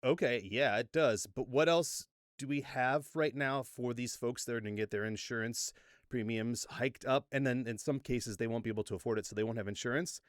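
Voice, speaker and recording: A man's voice: medium pitch, brisk, no room sound, studio quality. Goofy, rambling man hosting a political vlog. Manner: goofy, rambling, self-deprecating. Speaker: political commentary host. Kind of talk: casual political commentary vlog. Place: home studio with green screen.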